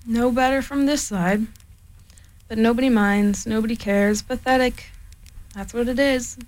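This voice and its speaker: A woman's voice: on the high side, fairly even intonation, unhurried, darkish tone, natural voice. A woman voicing a gloomy old gray male donkey in a storybook reading, with a mournful, self-pitying manner.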